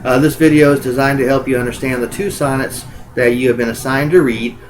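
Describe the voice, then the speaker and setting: A man's voice: medium pitch, fairly even intonation, a little fast, a little hiss or hum, rough recording. Casual man teaching with many ums. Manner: informal, many filler sounds. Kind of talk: recorded lecture walkthrough.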